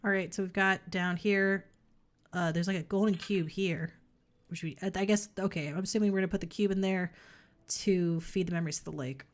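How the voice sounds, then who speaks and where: A woman streams a puzzle game in a fairly low, fairly even voice, speaking fairly quickly. She chats casually and thinks aloud, occasionally swearing, over faint game music, and the recording carries a little hiss or hum.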